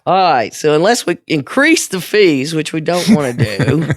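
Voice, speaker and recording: Lively-voiced woman podcast co-host. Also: sits low, moderate pace, dry recording, studio quality. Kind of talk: casual chat.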